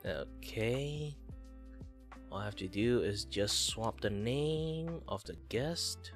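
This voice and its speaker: A man's voice: medium pitch, lively intonation, slow, soft background music. A man hosting a casual streamed chat, rambling with many fillers and restarts. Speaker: podcast host.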